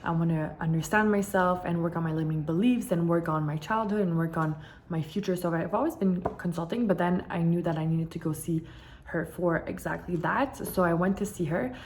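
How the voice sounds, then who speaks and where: A young woman talks candidly to her camera, leaning on repeated words for emphasis. Her voice sits a little low for a woman, and a faint noise floor hums under the recording. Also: brisk, a little mellow. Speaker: vlogger. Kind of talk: casual personal storytelling.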